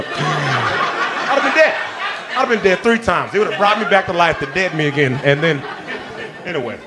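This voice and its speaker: A man doing stand-up, telling a story in an animated way, acting out other people's lines and laughing as he goes, on a club stage with a handheld mic. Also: on the high side, noisy background. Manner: animated, acts out voices, laughs mid-line. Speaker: stand-up comedian. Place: comedy club stage with a live audience.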